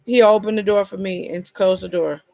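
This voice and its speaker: A woman's voice: mid-range voice, steady tone, brisk, creaky, dark tone, dry recording. A woman in her fifties chatting casually on a live stream, telling colloquial stories with bursts of laughter. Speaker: vlogger hosting a live chat.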